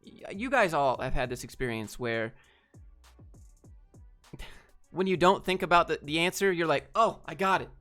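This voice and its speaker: A man on a casual livestream answering chat questions in a laid-back, low-energy way. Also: lively intonation, normal speed, long pauses, fairly bright tone, soft background music.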